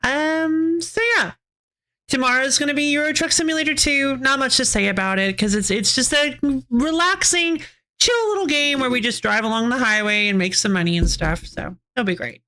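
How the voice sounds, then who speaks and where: In a high, sharp voice with lively intonation and a moderate pace, a woman game streamer talks casually to her chat. She rambles, giggles frequently, and keeps restarting her sentences while answering viewers.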